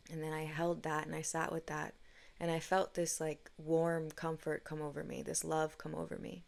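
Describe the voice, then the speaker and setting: Low, gravelly woman talking spirituality. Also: completely flat delivery, moderate pace. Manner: earnest and candid, with casual swearing. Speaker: spiritual podcast host. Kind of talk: reflective spiritual monologue.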